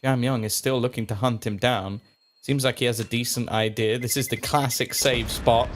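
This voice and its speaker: A man doing play-by-play commentary as an esports caster, quick and playful with joking banter. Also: mid-range voice, steady tone.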